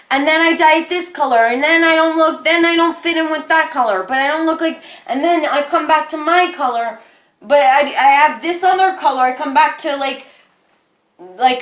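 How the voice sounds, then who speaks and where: A woman's voice: high-pitched, a bit bright, roomy sound. A woman talking casually to camera, rambling with many restarts and acting out what other people say. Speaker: actor talking to camera about therapy skills.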